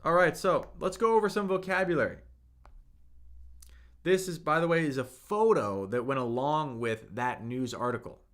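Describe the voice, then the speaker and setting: A man's voice: fairly high pitch, lively intonation, moderate pace, a bit bright. A man teaching Mandarin on a live stream, upbeat and talking to viewers in the chat while he repeats vocabulary. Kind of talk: live-streamed language lesson.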